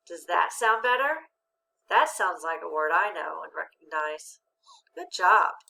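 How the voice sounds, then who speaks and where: A woman teacher giving a patient, encouraging phonics lesson, sounding out syllables slowly and clearly. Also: medium pitch, bright, forceful tone, low-quality recording.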